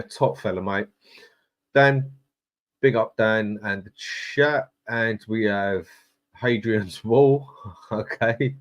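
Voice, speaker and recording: A man hosting a casual live stream, chatting in a matey way and reading out viewers' comments. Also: fairly low pitch. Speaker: livestream host.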